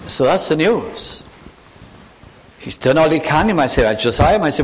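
A man preaching a sermon, earnestly reading scripture aloud slowly and with weight. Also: a little high, big pitch swings.

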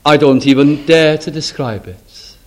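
A man preaching a revival sermon, swinging from loud exclaiming to hushed, solemn tones. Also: on the high side, a little slow.

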